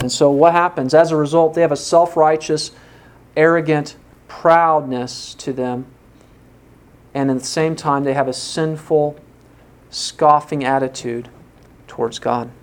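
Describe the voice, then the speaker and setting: A man's voice: on the high side, a little mellow. A man preaching a sermon with earnest conviction. He poses pointed rhetorical questions and tells a story to illustrate his point.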